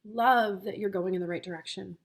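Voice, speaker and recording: An emotional woman coaching her viewers through a tarot reading. Her voice sits at an average pitch, and her delivery is gushing and heartfelt. She is easily moved, almost tearful. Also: steady tone, fairly quick.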